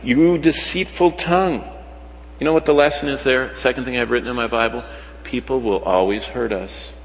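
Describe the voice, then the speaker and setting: A man preaching a sermon, swinging between loud emphatic lines and soft, slow ones. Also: mid-range voice, steady tone. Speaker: pastor. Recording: long hall reverb.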